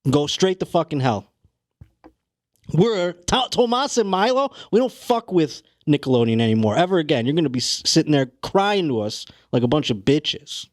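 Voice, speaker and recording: A man's voice: medium pitch, fairly even intonation, normal speed, no echo, studio quality, close to an everyday voice. A man playing a hot-headed wannabe TV star who rants profanely in a brash, fiery manner. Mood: ranting.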